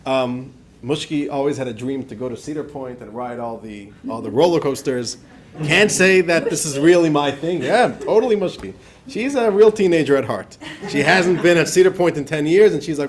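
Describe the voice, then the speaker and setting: Animated rabbi with a higher voice. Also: male voice, quick pace. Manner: animated, laughs often, acts out quotes. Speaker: rabbi teaching a class. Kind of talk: lively storytelling lecture. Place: class in front of a live audience.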